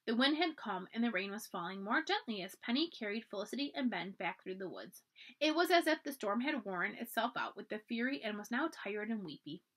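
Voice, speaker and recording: A woman librarian reading a children's storybook aloud, expressive and often dropping to a hush for the dramatic parts. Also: mid-range voice, a little fast.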